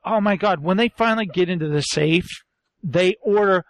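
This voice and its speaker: A man's voice: high voice, a little fast, no room sound. A man chatting casually on a comedy podcast, retelling a TV show and acting out the people in it. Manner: animated storyteller, acts out quotes in put-on voices.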